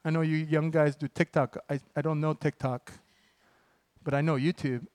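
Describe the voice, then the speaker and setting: A man preaching a sermon as pastor, moving between relaxed, joking asides to the congregation and emphatic, building declarations. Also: on the high side, moderate pace, no room sound. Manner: conversational and joking, with sudden emphatic bursts.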